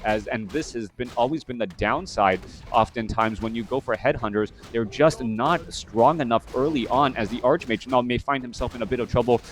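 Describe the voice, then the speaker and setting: A man calling a strategy game match as play-by-play commentator. His voice sits at an ordinary middle pitch, and he talks in a steady, measured way with the odd filler. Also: soft background music.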